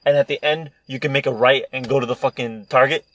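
A man's voice: medium pitch, steady tone, quick pace, fairly bright tone. A young man telling a rambling story in casual podcast chat, swearing often and acting out what people said. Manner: rambling, heavy swearing, acts out quoted voices. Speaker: podcast co-host. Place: indoor room, podcast recording.

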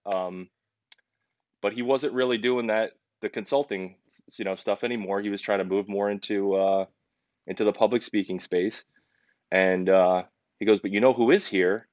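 Earnest low-voiced man telling his story. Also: normal speed, dry recording, lo-fi sound. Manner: earnest, animated retelling with many restarts. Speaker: podcast guest, pizzeria owner. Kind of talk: casual storytelling interview.

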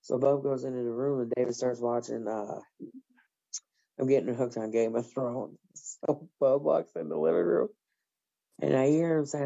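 A woman telling stories in casual group chat, blunt and profane, with lively bursts. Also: a bass voice, moderate pace, gravelly. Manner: blunt, profane, animated storyteller. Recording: slightly dull lo-fi sound.

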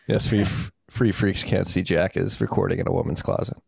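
A male podcast host with a deep voice and plenty of vocal fry. He chats easily and heaps praise on his guest before asking questions. The sound is dry and close. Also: fairly even intonation, a little fast, a little mellow, no room sound. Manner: easygoing, enthusiastic praise of guest. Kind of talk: casual interview.

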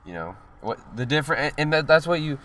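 Fast-talking man arguing back. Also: a little high, expressive, over a noisy crowd. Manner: fast, pushes back with counterpoints. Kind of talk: casual argument.

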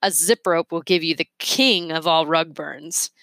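A kindly, dapper old gentleman from a children's storybook, as a woman reader puts him on, gentle and reassuring with a slightly formal politeness. The voice sits fairly low and calm. The recording is close and dry. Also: measured pace, no echo, full character voice. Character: kindly, dapper older gentleman hotel owner.

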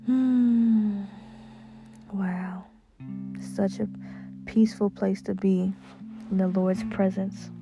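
A woman's voice: medium pitch, fairly even intonation, vocal fry. A woman podcast host giving a fervent spoken prayer and testimony while lying down in a closet, her voice muffled. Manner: fervent, repetitive, drawn-out praise. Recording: muffled closet recording over guitar music. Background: soft guitar music.

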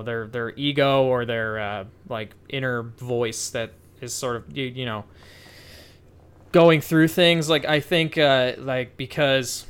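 Smooth-voiced man musing casually about a film. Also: medium pitch, fairly bright tone. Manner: rambling, full of restarts and hedging fillers. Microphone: remote call connection.

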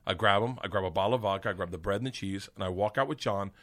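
A middle-aged man spins a profane story in casual talk, acting out each character. His voice is bright and forceful, and it leaps far up in pitch when he quotes people. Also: racing. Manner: animated, profane, acts out characters with big pitch jumps. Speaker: comedian guest.

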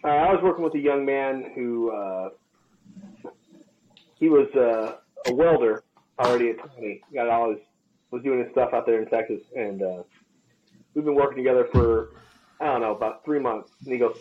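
A man's voice: mid-range voice, moderate pace, pauses often, a little hiss or hum. A man tells a gym story on a casual podcast, cursing freely and acting out the people in it. His voice sits in a middle register. The recording sounds slightly dull and lo-fi. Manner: profane, animated storyteller who acts out quotes. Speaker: podcast co-host, personal trainer.

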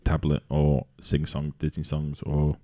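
Deep-voiced dad chatting. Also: male voice, monotone, measured pace, warm tone. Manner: chatty, rambling with fillers. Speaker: podcast co-host. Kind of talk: casual chat.

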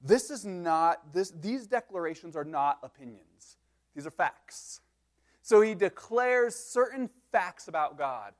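A man's voice: sits high, very animated, measured pace. A man preaching a sermon, teaching through a psalm point by point with joking asides. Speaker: pastor.

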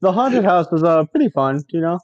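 In a college dorm, a young adult man co-hosts a casual podcast, rambling, joking, and swearing freely. His high-pitched voice is expressive and brisk, though the audio sounds dull.

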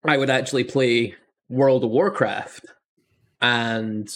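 A man with a husky, slightly breathy voice chats casually as a podcast host. He talks with eager enthusiasm, rambling through thoughts and restarting sentences often. His pitch sits in an ordinary middle range. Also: slow, a bit bright. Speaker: podcast host, dungeon master. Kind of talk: casual chat.

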